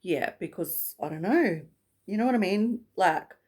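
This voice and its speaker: A woman's voice: fairly low pitch, expressive, measured pace, darkish tone, breathy edge. A woman vlogger talking casually to camera, rambling and chatty, breaking into laughs often.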